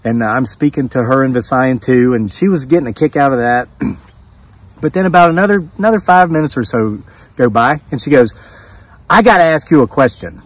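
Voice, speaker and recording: A man's voice: medium pitch, brisk, far from the mic, low-quality recording. Middle-aged man rambling through a story. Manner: rambling, animated retelling with restarts and quoted dialogue. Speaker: homesteading vlogger. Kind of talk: casual storytelling monologue. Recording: voice set back from the mic.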